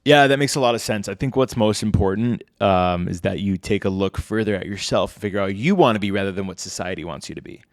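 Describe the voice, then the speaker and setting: A man's voice: lowish voice, fast talker, hardly any pauses, no echo, close to an everyday voice. A man putting on an exaggerated masculine voice, mock-serious and macho in delivery. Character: deep-voiced masculine man, earnest and advising.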